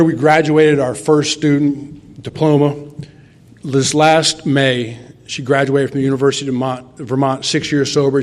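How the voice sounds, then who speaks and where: A middle-aged man from Tennessee giving an earnest, rambling personal testimony at a recovery meeting, acting out quoted dialogue as he goes. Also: mid-range voice.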